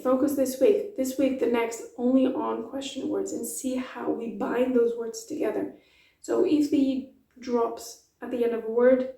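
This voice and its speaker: A woman explains her language in a YouTube lesson, acting out example phrases slowly and clearly. Her voice is fairly high but dark and gravelly. She sits back from the mic in a roomy, echoey space. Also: distant mic. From Portugal. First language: Portuguese. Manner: explanatory, uses metaphors, demonstrates phrases slowly. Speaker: language teacher.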